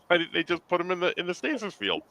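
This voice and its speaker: A man with a high, bright voice talks fast in a casual review chat. His delivery swoops widely in pitch and has a gravelly edge. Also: big pitch swings, no room sound, poor audio.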